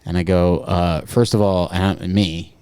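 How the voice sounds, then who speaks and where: A man's voice: deep voice, fairly even intonation, normal speed, dark tone, clean tone, dry recording. A man on a comedy podcast telling a rambling, profane story with bits of hardboiled noir voice. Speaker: podcast co-host.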